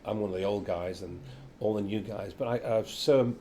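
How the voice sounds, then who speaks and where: Low-voiced older man telling stories. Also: normal speed, a little hiss or hum. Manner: lively storyteller, acts out quotes. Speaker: interview guest, actor. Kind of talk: casual interview chat. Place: venue with background chatter.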